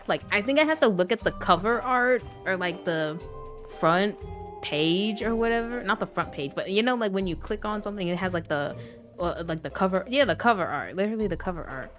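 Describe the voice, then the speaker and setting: A young adult woman chatting casually on a gaming livestream, rambling and animated, with frequent laughs and filler words. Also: lowish voice. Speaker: gaming streamer.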